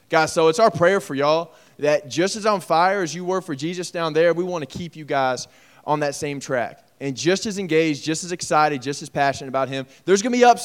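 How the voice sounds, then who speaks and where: Smooth-voiced youth pastor encouraging teens. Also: male voice, on the high side. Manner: encouraging, casual preaching. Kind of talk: addressing a youth group.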